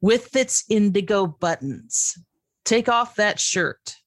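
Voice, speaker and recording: A woman's voice: medium pitch, lively intonation, slow pace, pitched above the performer's own voice. A woman reading aloud the lines of a suave, fussy male husband who patiently instructs his wife on clothes. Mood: patiently instructive.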